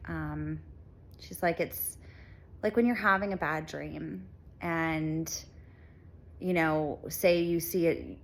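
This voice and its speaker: Middle-aged woman, lower register, earnest reflective delivery with frequent pauses; heartfelt personal talk to camera. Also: steady tone. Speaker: channel host.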